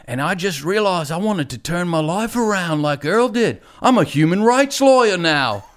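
A man's voice: high-pitched, animated, normal speed, pitched above the performer's own voice. Man putting on an Australian accent as a brash poker-playing fan. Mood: excited.

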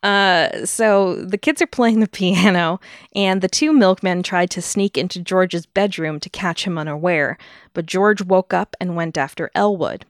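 A woman's voice: fairly low pitch, normal speed, no room sound, clean studio sound. A woman co-hosting a podcast, telling a true-crime history in a casual way and laughing often between the facts. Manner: laughs often while narrating. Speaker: podcast co-host telling the story.

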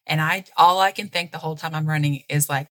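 A woman co-hosting a podcast in casual chat, playful and animated, acting out her own reactions. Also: sits low, quick pace. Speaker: podcast co-host.

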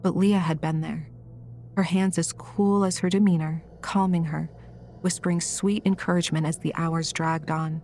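A woman reading a horror audiobook in a measured, scripted narration style. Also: fairly low pitch, fairly even intonation, a little mellow, slight background noise.

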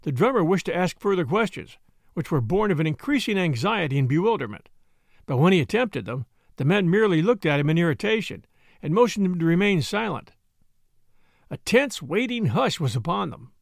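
A man reading a story aloud in an expressive, varied narration. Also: sits high, fairly quick, vocal fry, no room sound, clean studio sound.

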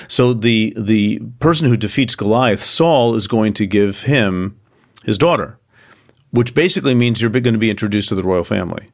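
Low-voiced man explaining casually. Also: moderate pace. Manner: conversational, laughs easily, reads verses aloud. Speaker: podcast co-host.

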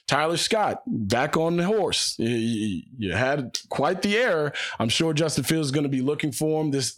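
A man hosting a solo sports podcast, his voice sitting a little higher than most men's. He talks in a fired-up, emphatic way and hammers his points home by repeating phrases.

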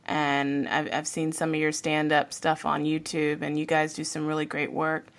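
Low-voiced woman hosting a podcast. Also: completely flat delivery, normal speed. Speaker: podcast co-host.

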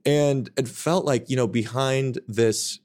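Young man, podcast guest, blunt and profane storytelling, mid pitch, dry close sound. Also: steady tone, takes it slowly, darkish tone, no room sound. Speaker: guest author. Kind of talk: casual podcast chat.

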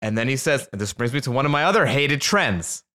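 A man hosting a casual chat, telling a comic story with lots of swearing and acting out his friends in high voices. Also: animated, a little fast, sharp tone.

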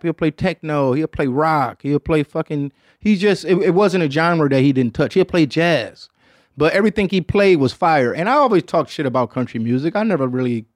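A man's voice: on the high side, no room sound, studio quality. A man from Detroit hosting a podcast in casual chat, rambling and slangy and swearing often, with "man" at the end of many lines. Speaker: podcast host.

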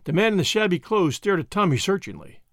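A man narrating a novel as an audiobook reader, measured and expressive. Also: high-pitched, dry recording, clean studio sound. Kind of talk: scripted narration.

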